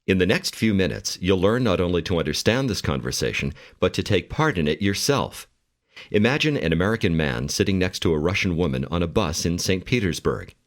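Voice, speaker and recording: A man giving calm, measured instructions as the narrator of a language course. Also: low-pitched. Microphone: studio mic.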